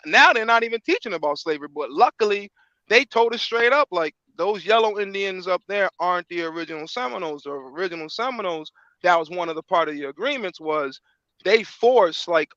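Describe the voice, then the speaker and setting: A man's voice: high voice, bright, forceful tone, no echo. Rambling man on a dull lo-fi line. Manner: rambling, filler-heavy, constant "like". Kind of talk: casual chat. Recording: dull lo-fi dry sound.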